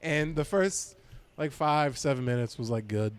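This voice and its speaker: Animated man telling a stage story. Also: mid-range voice, normal speed, clean tone. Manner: animated, acts out crowd voices, profane. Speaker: comedian podcast host. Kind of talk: casual storytelling chat.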